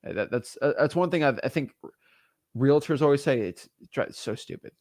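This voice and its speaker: A man coaching real estate wholesaling in a blunt, energetic, casual way. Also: medium pitch, a little fast, dry recording, studio quality. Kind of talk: casual instructional talk.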